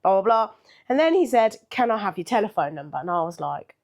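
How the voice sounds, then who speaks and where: A woman's voice: medium pitch, sing-song, a little fast, creaky, a little mellow. An older woman, a podcast co-host, telling a story in casual chat with a chatty manner, laughing often and acting out what people said.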